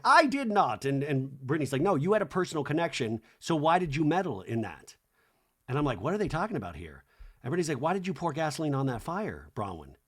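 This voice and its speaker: A man with a somewhat high voice hosts a chatty recap podcast. He retells a reality show reunion in an animated way, slipping into mimicking voices for each cast member. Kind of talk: casual recap with quoted voices.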